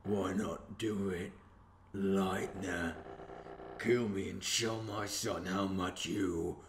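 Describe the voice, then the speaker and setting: A man voicing an exhausted, menacing chess-piece king who talks in a slow, sneering, taunting way, recorded in an echoey room with noise behind. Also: deep voice, fairly even intonation.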